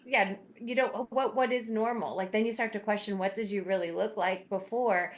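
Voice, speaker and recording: A woman's voice: medium pitch, fairly even intonation, normal speed. A woman who is a therapist, speaking as a guest in casual chat, candid and reflective.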